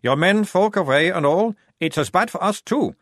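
A man's voice: high-pitched, expressive, moderate pace, fairly bright tone, no echo, clean studio sound, pitched above the performer's own voice. A man voicing hapless male guards who speak in a sheepish, wheedling way.

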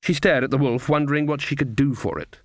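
A man narrating an audiobook in a measured, deliberate storytelling manner. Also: medium pitch, no room sound, clean studio sound.

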